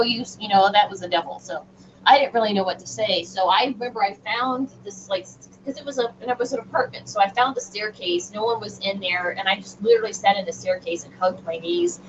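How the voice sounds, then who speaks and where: A middle-aged woman, an interview guest telling a personal story in an animated, emphatic way with frequent restarts. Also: medium pitch. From Southern United States. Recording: distant, dull remote audio with faint noise.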